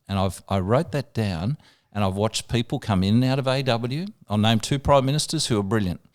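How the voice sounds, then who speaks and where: An older Australian man, a veteran radio broadcaster, telling long anecdotes in a relaxed podcast interview. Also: medium pitch, fairly quick, few pauses. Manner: anecdotal, relaxed storyteller, brief quoted voices.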